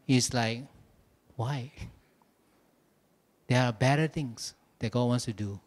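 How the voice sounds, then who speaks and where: A man preaching a sermon at a church service, telling his points as animated, humorous stories. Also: mid-range voice, takes it slowly, long pauses. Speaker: pastor.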